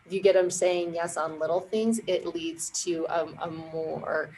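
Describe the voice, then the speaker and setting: A woman who founded a marketing firm, a podcast guest explaining ideas in clear, confident steps. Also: fairly low pitch, steady tone, a little slow, dark tone, slight background noise, rough recording. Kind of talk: casual interview explanation.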